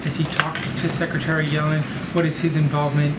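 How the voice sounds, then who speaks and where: A man reporter presses the podium with quick follow-up questions, talking fast in a somewhat high voice. He is caught by a room microphone, so the sound is echoey with loud hiss underneath. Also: completely flat delivery.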